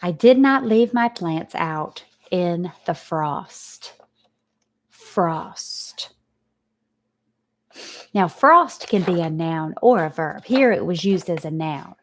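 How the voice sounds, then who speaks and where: A woman teacher giving a recorded phonics lesson to young students, slowly sounding out letters and praising her pupils. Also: lowish voice, animated.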